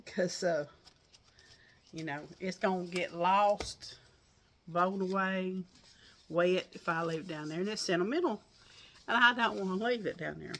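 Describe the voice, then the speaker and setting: A woman's voice: on the low side, unhurried, pauses often, fairly bright tone, a little hiss or hum. A woman, chatting to her viewers in a folksy, rambling way and a little out of breath. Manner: folksy, chatty storytelling with laughs. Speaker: crochet vlogger. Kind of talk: casual chat to viewers. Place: outdoors on a porch.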